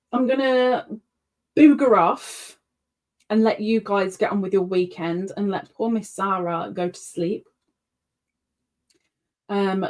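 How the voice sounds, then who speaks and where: A woman hosting a live stream at home, chatting casually and rambling with frequent ums. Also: medium pitch. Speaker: livestream host. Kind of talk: casual chat with live viewers.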